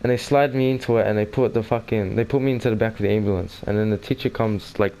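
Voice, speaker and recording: Low-voiced swearing teen storyteller. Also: male voice, steady tone, fast, vocal fry, dark tone. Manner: rambling, heavy swearing, frequent restarts. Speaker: gaming channel host. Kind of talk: casual storytelling.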